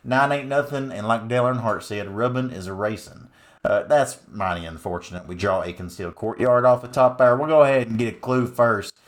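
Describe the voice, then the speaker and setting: A man's voice: mid-range voice, brisk, close to an everyday voice. A man putting on a rowdy, folksy Southern good ol' boy voice with an American Southern drawl, hollering his way through game commentary. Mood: boastful folksy. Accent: American Southern (put on). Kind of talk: exaggerated character voice during game commentary.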